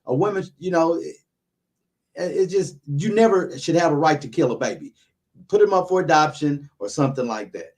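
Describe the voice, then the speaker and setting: A man's voice: a little high, animated, normal speed, a little mellow. Rambling opinionated man chatting casually. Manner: rambling, restarts often, opinionated. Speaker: YouTuber, podcast host.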